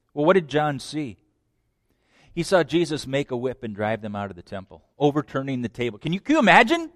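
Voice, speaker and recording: A man preaching a sermon, dramatic, swinging between loud declarations and hushed lines. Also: medium pitch, very animated, fairly quick, no room sound, studio quality.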